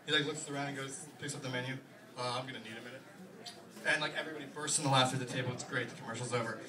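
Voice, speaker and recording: A man's voice: mid-range voice, little pitch movement, recorded from a distance. A young man doing a rambling stand-up comedy set in a small pub, full of fillers. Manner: rapid rambling delivery with fillers. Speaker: stand-up comic. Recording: echoey bar room, mic from afar, loud crowd.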